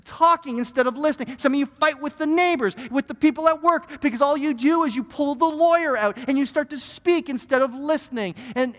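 A male pastor preaching a sermon, telling stories with emphatic, animated delivery. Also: very high voice. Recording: long hall reverb.

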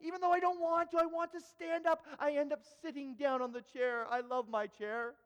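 A man's voice: very high-pitched, fairly even intonation, moderate pace, a bit bright, long reverb tail, voice pushed up. A man acting out a traveling preacher earnestly confessing to his listeners. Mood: earnest pleading.

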